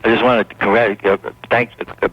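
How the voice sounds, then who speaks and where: A man's voice: on the low side, level tone, fairly quick, dry recording. A man calling a talk radio show from Brooklyn, nervous and stumbling over his words. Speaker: caller. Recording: dry muffled radio phone call.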